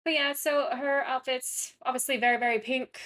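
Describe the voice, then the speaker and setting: Young woman rambling through game commentary, kinda high voice, lots of ums and restarts. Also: fairly even intonation, moderate pace, a bit bright. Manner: rambling, chatty, frequent self-corrections and fillers. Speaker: gaming content creator. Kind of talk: casual gameplay commentary.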